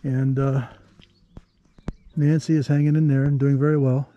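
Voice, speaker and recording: A man narrating a hike to the camera on an outdoor canyon trail, easygoing and chatty, thinking aloud with pauses. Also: medium pitch, level tone, dull audio, faint music behind. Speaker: travel vlogger.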